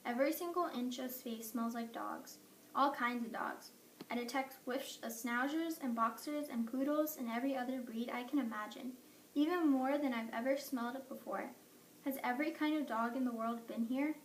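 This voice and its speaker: A woman's voice: sits high, moderate pace, slight background noise. Woman narrating a children's story. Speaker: audiobook narrator. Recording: echoey room, mic at a distance.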